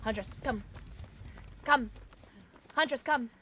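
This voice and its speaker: A woman streamer giving live gaming commentary, excitable and playful, often squealing and laughing. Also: on the high side, takes it slowly, a little hiss or hum. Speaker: livestreamer.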